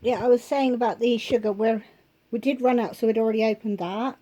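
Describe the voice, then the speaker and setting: Hoarse woman vlogger with a cold, warm and a bit high, chatty and casual as she reads out prices. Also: fairly even intonation. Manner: chatty, listing prices, pausing to think. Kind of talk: casual shopping haul chat. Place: at home.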